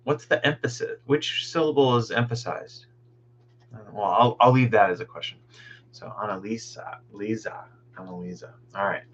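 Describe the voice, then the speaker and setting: A man's voice: mid-range voice, expressive, normal speed, a bit bright, muffled recording, a little hiss or hum. A man hosting a meditation group from home on a video call, rambling casually and greeting people by name.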